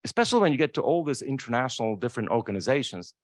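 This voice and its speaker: Emphatic animated male panelist. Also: medium pitch, very fast, no room sound. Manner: emphatic, repeats "right?" often. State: emotional. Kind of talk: impassioned panel talk. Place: lecture room.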